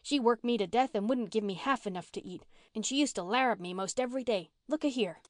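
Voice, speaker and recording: A woman voicing a ragged, hungry runaway girl of about twelve, who talks in a blunt, rough country dialect. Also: a little high, fast talker, no echo, clean studio sound, close to an everyday voice. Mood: chattering.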